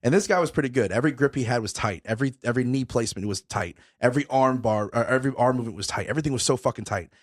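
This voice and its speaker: Young man, podcast host, animated storyteller, quick delivery, swearing, out of breath. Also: medium pitch. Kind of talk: casual chat.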